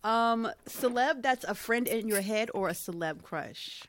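A woman's voice: fairly high pitch, expressive, a little slow. A woman co-hosting a casual interview podcast, bubbly and encouraging toward her guest. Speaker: podcast co-host.

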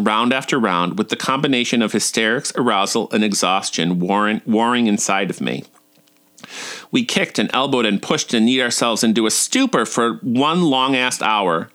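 Campy self-mocking man in his forties. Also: fairly bright tone. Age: 40s. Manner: campy, self-mocking, with high squeaky outbursts. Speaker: podcast host. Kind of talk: reading a blog post aloud.

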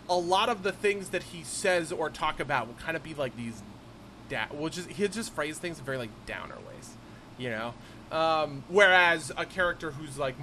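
A young man co-hosting a casual podcast about role-playing games, animated and quick to laugh. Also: fairly high pitch, a little hiss or hum, rough recording. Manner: animated, laughs often, lots of fillers. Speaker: podcast co-host.

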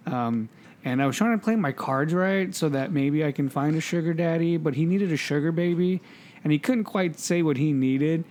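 A man's voice: a little high, normal speed, a little mellow. A man co-hosting a podcast, telling stories in casual chat, swearing freely and laughing as he talks. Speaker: podcast co-host.

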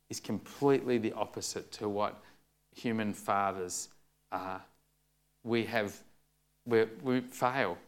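A man's voice: medium pitch, fairly bright tone. Middle-aged male pastor, earnest and chatty sermon delivery, clean resonant tone. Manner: earnest, conversational preaching with humor.

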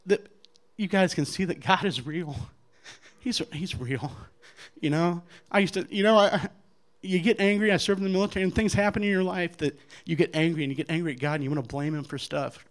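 A man giving an earnest personal faith testimony to an audience, animated as he acts out other people's lines, with frequent restarts. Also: on the high side, brisk. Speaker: guest speaker giving testimony.

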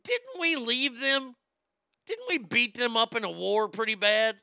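A middle-aged man hosting a comedic show segment, ranting loudly and profanely and repeating himself. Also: very high-pitched, animated, unhurried, gravelly, no room sound, clean studio sound. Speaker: show host.

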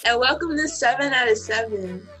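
A woman's voice: a little high, animated, moderate pace, pushed and bright, faint music behind, rough recording. A woman hosting a casual group podcast, upbeat and steering the talk between friends. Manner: upbeat, leads the conversation. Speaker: podcast host. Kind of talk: casual chat.

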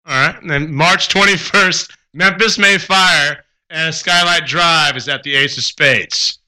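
Guy laughing thru a list of show dates, keeps fumbling names, really bright voice. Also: a little high, unhurried, rough recording. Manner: giggly, stumbles over names. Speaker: band member reading concert listings. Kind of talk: laughing radio read-out.

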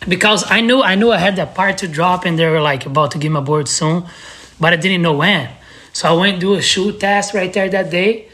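A man's voice: sits high, a little fast, bright, forceful tone. Laughing man telling stories. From Brazil. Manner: laughing, loose and profane, restarts a lot. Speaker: guest. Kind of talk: casual storytelling.

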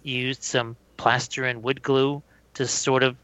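A man co-hosting a casual chat, describing practical things in a relaxed way. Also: medium pitch, takes it slowly, smooth, no echo, low-quality recording. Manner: relaxed, practical storytelling about building things. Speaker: podcast co-host.

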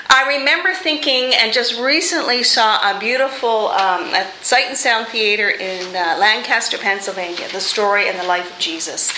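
A woman preacher giving a conversational, expressive sermon with touches of humor in a church. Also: a little high, a little hiss or hum. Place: church sanctuary. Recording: echoey room.

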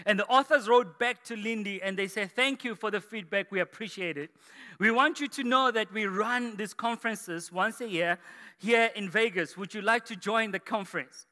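A man preaching a sermon as pastor to his church, energetic and rising to shouts, from South Africa. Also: sits high. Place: large church hall. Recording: echoey church hall.

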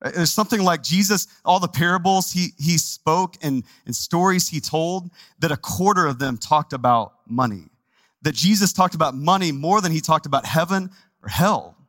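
A man from Texas, a pastor preaching a sermon in a conversational, animated way, with asides to the congregation. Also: on the high side, moderate pace, no echo. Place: church sanctuary.

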